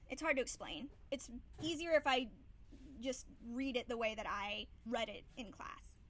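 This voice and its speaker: A woman's voice: on the high side, animated, measured pace, low-quality recording. A young adult woman vlogging a blunt, sarcastic, casual rant, with sighs and wry asides.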